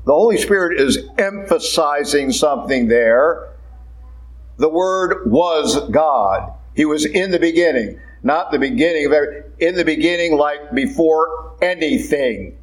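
A man, a priest, preaching a sermon in a church in an emphatic, conversational way, slowing down and speeding up. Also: fairly high pitch, rough recording.

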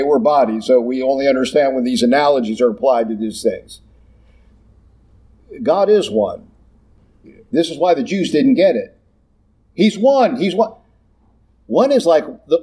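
Man preaching, husky, mellow dark tone, fairly high voice, emphatic, rhetorical questions. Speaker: Catholic teacher. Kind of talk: sermon.

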